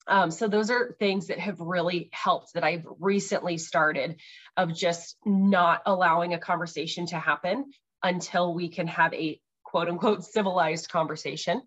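A woman's voice: fairly low pitch, steady tone, normal speed, highs cut off. A woman in her thirties hosting a podcast, chatting casually about parenting with lots of ums and likes. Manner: chatty, many ums and likes, laughs easily. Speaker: podcast host.

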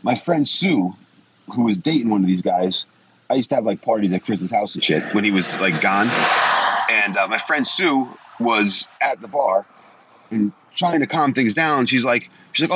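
The guest is a man in his forties with a lowish voice and lively intonation, talking at a moderate pace against a noisy background. His storytelling is casual and profane: blunt, heavy on swearing, and full of acted-out quotes.

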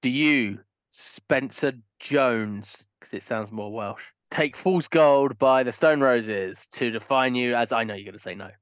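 A man's voice: medium pitch, a little slow, hardly any pauses, fairly bright tone, no room sound. A man co-hosting a casual podcast, laid-back and dropping wry asides.

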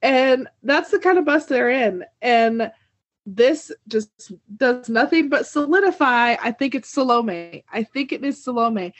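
A woman's voice: a little high, animated, measured pace, no echo. A young woman co-hosting a casual TV recap chat, talking with lots of fillers and frequent laughter. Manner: chatty, laughs often, many "like" fillers. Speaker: podcast co-host. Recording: dull dry lo-fi sound.

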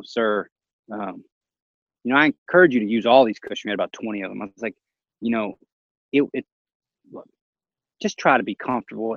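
A man's voice: on the low side, no room sound, dull audio. A man casually telling a story, acting out the voices of the people in it and laughing often. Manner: animated, acts out quoted voices, laughs often.

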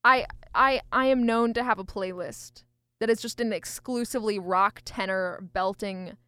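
A woman's voice: medium pitch, normal speed, bright, forceful tone, clear, resonant tone, no room sound. A woman co-hosting a casual chat, effusive and laughing, stammering as she agonizes over choices. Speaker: podcast co-host.

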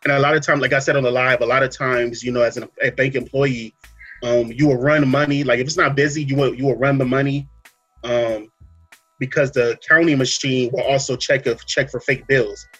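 A man hosting a podcast, talking through a story in a relaxed casual way, full of fillers and asides. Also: mid-range voice, fairly quick, husky, faint music behind. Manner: relaxed storytelling, many fillers and "you know what I'm saying". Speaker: podcast host. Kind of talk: casual chat.

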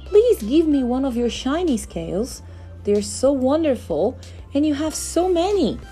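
A woman voicing an eager little male blue fish who pleads in a high voice. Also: sing-song, measured pace, dark tone, faint music behind. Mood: pleading.

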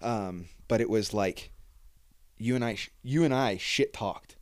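A man's voice: on the low side, unhurried. A young man hosting a casual chat with a friend, telling long stories full of fillers and acted-out quotes. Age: young adult. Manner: rambling storyteller with many fillers and acted-out quotes. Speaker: podcast host.

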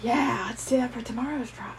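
A woman's voice: fairly high pitch, a little fast, a little hiss or hum. A woman co-hosting a casual podcast, chatty and laughing often. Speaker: podcast co-host. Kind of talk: casual chat.

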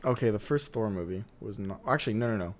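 A young man co-hosting a podcast with friends in his bedroom, chatting casually on a handheld mic and jumping in with quick laughs. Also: fairly low pitch. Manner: jumpy, animated, quick to laugh. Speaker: podcast co-host. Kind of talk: casual chat among friends. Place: his own warm bedroom. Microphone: handheld mic held close.

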